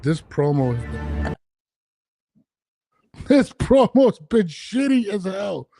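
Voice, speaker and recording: A man's voice: high-pitched, big pitch swings, slow pace, gravelly, warm tone, soft background music. A man hosting a podcast, talking bluntly and grumbling with frequent swearing. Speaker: podcast host. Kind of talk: casual chat.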